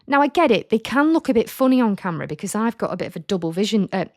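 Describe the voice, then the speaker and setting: A woman's voice: medium pitch, very animated, quick pace, dry recording, studio quality. A woman in her thirties hosting a podcast, frank, sweary and jokey as she reads out comments in casual chat. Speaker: podcast host.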